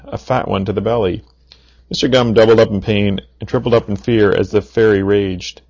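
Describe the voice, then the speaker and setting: A low, gravelly male voice reads a children's story aloud. He slips in playful deadpan asides. The recording sounds dull and lo-fi. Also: a little fast.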